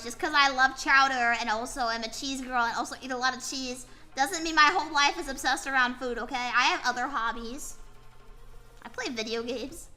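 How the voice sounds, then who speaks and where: A woman's voice: high-pitched, pushed and bright. A tired young woman streaming as a VTuber, chatting casually and rambling while she draws and answers her chat. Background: faint music playing.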